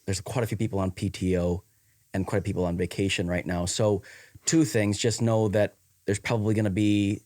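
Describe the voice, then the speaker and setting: A man's voice: fairly low pitch, little pitch movement, brisk, darkish tone, dry recording, studio quality. A man with a Wisconsin accent in casual podcast chat, rambling with many fillers and restarts. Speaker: podcast co-host.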